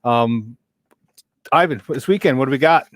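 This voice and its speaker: A man's voice: medium pitch, normal speed, no echo. A man hosting a sports talk show, upbeat and chummy as he wraps up and thanks his guests. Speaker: sports talk radio host.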